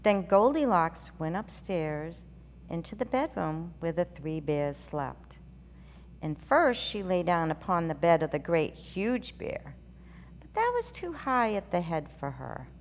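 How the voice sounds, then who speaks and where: A woman hosting a children's story show, reading a storybook aloud in a gentle, sing-song way. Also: lowish voice, sing-song, unhurried. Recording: reverberant room with faint hum.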